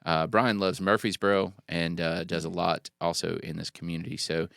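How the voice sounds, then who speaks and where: A man with a very deep voice and a gravelly fry hosts a relaxed chat show. He jokes easily and rambles, leaning on fillers as he goes. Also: moderate pace, no room sound, studio quality. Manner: friendly, joking, rambling with fillers. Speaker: podcast host. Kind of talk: casual interview chat.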